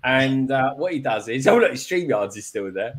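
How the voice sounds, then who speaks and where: A man's voice: medium pitch, animated, normal speed. Jokey man telling stories on a live stream. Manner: jokey storyteller, laughs often. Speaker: regular panelist. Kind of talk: casual chat.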